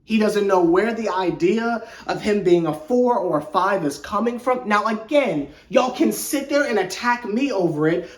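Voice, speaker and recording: A basketball channel host giving casual, slangy sports commentary, excitable and rambling, often stumbling and repeating words. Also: medium pitch, normal speed, few pauses. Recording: echoey room.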